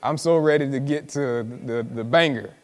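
A man preaching a sermon as pastor, drawing words out for emphasis, repeating lines and talking directly to the congregation in a church. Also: medium pitch. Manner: preaching with dramatic slow emphasis and repetition; conversational, tells the congregation to listen. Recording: live sermon with hall reverb.

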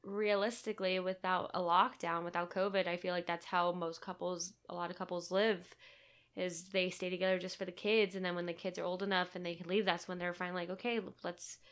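A woman's voice: lowish voice, flat delivery, fairly quick, clear, resonant tone. A young woman co-hosting a casual chat show, rambling and self-deprecating as she talks. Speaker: podcast co-host.

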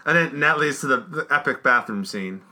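A man in casual film chat, excitable and swearing freely, with halting restarts. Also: mid-range voice.

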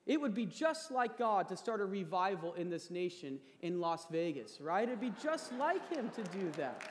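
A man's voice: high-pitched, big pitch swings, normal speed, a little hiss or hum. Man preaching in a reverberant church hall. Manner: earnest, building to emphatic peaks. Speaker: pastor. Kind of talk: sermon.

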